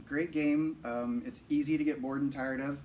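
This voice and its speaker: A man's voice: mid-range voice, fairly even intonation, normal speed, darkish tone. A man in his forties co-hosting a podcast, laid-back and joking, swearing freely. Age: 40s. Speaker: podcast co-host. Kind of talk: casual chat. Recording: distant mic with faint noise.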